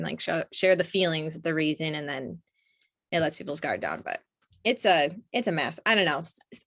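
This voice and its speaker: Woman guest chatting fast and lively, bright forceful voice, laughs a lot, restarts her sentences. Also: fairly low pitch. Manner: animated, laughs often, talks in restarts. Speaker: interview guest. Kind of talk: casual conversation.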